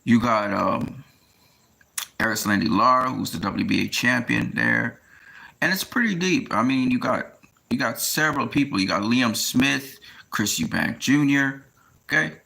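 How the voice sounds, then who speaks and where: A man talking casually in a rambling monologue, often pausing with fillers as he tries to recall names. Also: medium pitch, gravelly, bright, forceful tone, breathy edge. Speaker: boxing commentator.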